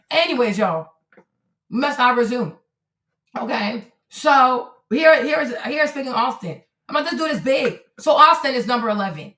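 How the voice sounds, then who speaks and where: Animated woman streamer in an echoey room. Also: fairly high pitch, moderate pace. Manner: animated, swears freely, exclaims in surprise. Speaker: livestream host. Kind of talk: casual livestream commentary. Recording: roomy echo.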